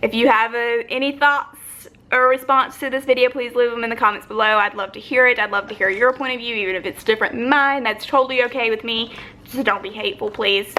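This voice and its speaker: This young woman talks quickly in a fairly high, bright, forceful voice with fairly even intonation, casually vlogging from her spot on the floor at home. She rambles and reflects, leaning on plenty of "likes," while a phone or camera low on battery records with a little hiss or hum.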